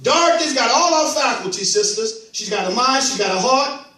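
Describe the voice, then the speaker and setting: A male pastor preaching an animated sermon, repeating catchphrases to his congregation. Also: extremely high pitch, normal speed. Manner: animated call-and-response preaching, repeats "watch this". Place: church sanctuary. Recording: echoey church hall from far off.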